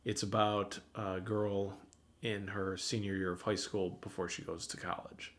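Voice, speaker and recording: A man's voice: on the low side, little pitch movement, a little slow. A young man co-hosting a podcast in casual chat, laid-back, with lots of fillers and swearing. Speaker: podcast co-host.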